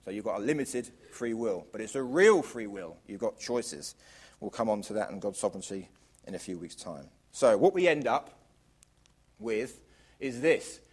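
A man preaching a sermon to a congregation, asking rhetorical questions and swinging from loud emphasis down to quiet, low lines. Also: lively intonation, normal speed, husky. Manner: varies volume widely, drops to quiet emphasis; asks the audience rhetorical questions.

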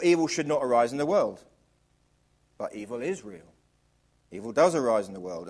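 A man preaching a sermon to a congregation, asking rhetorical questions and swinging from loud emphasis down to quiet, low lines. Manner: varies volume widely, drops to quiet emphasis; asks the audience rhetorical questions.

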